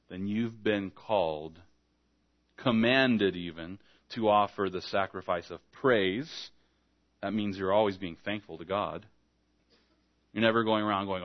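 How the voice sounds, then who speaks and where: A man's voice: on the low side, dull audio. A man preaching an evening sermon, speaking conversationally and acting out little back-and-forth dialogues to make his points. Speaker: pastor.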